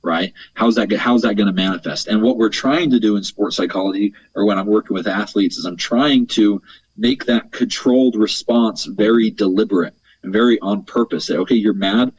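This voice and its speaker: On an interview podcast, a man who works as a mental performance coach explains things earnestly and at length, repeating words as he thinks and tagging points with "right?" His voice is lowish, fairly quick and slightly rough, on a dry, dull lo-fi recording with no room sound.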